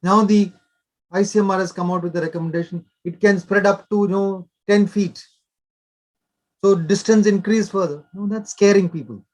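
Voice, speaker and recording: A man's voice: high voice, fairly even intonation, normal speed, darkish tone. An older man, a doctor explaining in an interview with short, instructive directives.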